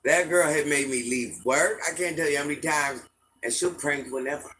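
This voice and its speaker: A middle-aged man with a slightly high voice talks casually to his livestream chat. He is animated and repeats himself as he tells a story, restarting phrases again and again. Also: normal speed, slight background noise, rough recording. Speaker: livestream host talking to chat viewers.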